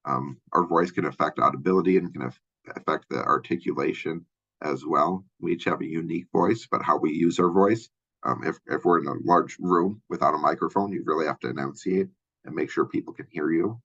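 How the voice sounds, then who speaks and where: Man, Minnesotan accent, gravelly low voice, casual hesitant lecture, muffled recording. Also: a little fast, fairly bright tone. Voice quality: deep voice. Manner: casual, hesitant, many fillers and restarts. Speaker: college instructor. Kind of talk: lecture overview of a textbook chapter.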